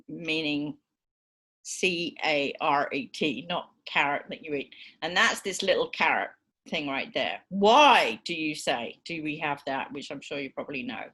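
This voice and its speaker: A woman with a British accent gives a university lecture, explaining things patiently and saying um and okay often. Her voice is fairly low and a bit bright.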